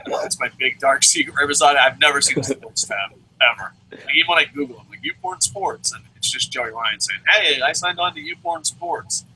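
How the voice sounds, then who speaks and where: A man's voice: medium pitch, very animated, brisk, sharp tone, slight background noise, rough recording. A man co-hosting a wrestling review show in casual chat, swearing often, rambling and laughing as he goes.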